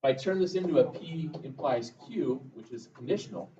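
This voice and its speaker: Animated and brisk, a man teaching math keeps his classroom lecture casual and conversational, weaving in stories for the class. His dark, medium-pitched voice is recorded from a distance in a roomy room, dull and with a little hiss or hum.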